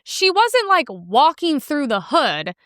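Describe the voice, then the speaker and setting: A woman's voice: high-pitched, sing-song, slow, a bit bright, no echo, clean studio sound. A young woman hosting her own show, riffing sarcastically on news clips in a rambling, casual way full of fillers. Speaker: host.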